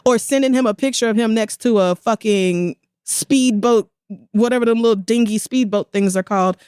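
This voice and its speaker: A woman's voice: on the high side, moderate pace, darkish tone, clear, resonant tone, dry recording. A woman, co-hosting a podcast in casual chat. She tells the story with indignation and slips into quoted voices along the way. The sound is dry and close to the mic. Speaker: podcast co-host.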